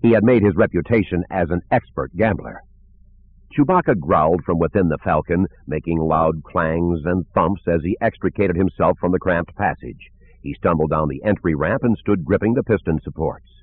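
A man reading a novel aloud as narrator, in an expressive reading style. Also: low-pitched, moderate pace, slightly rough, no echo. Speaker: audiobook narrator. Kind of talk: scripted narration. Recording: narrow phone-like sound.

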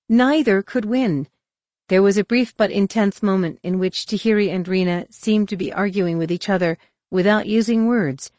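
A woman narrating a science-fiction audiobook in a measured, expressive reading on a close studio mic. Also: medium pitch, no room sound. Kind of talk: scripted narration.

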